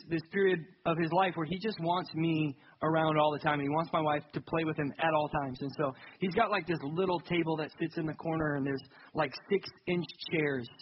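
A man's voice: sits high, dull audio, a little hiss or hum. A young adult man preaching a sermon in a conversational, self-deprecating way that builds to emphatic peaks. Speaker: pastor.

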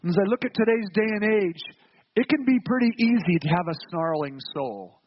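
A man's voice: high-pitched, animated, a little fast, breathy edge, lo-fi sound. A man preaching a sermon as pastor, earnest and emphatic, with rhetorical questions and repeated words.

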